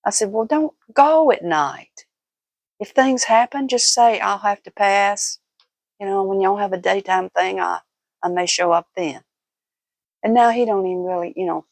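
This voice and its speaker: An older woman with a drawl chats to her viewers in a folksy, storytelling way, laughing often as she goes. Her voice sits at a middle pitch for a woman. The recording is dry and close, with little room sound. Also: a little slow, vocal fry, no echo. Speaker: vlogger. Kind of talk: casual storytelling vlog.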